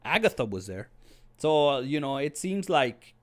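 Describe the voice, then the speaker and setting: A man's voice: medium pitch, moderate pace. Rambling, slangy man reviewing a TV episode. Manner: rambling, slangy, says "dude" a lot; excitable, with many restarts. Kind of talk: casual spoken review.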